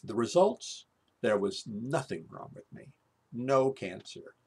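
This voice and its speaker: Gravelly, husky middle-aged man telling a story. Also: medium pitch, animated, slow, darkish tone. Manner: rambling, conversational, full of asides and fillers. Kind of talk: personal storytelling monologue.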